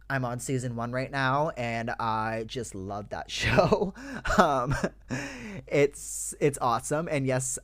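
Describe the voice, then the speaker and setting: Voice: mid-range voice, a bit bright, no room sound. A young adult podcast host talks straight to the listeners in a loose, heated rant. Curses come easily, and the talk stays casual and personal. The voice sounds dry and close, with no room around it. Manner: ranting, swears freely, addresses listeners as "you guys". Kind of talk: casual solo podcast chat.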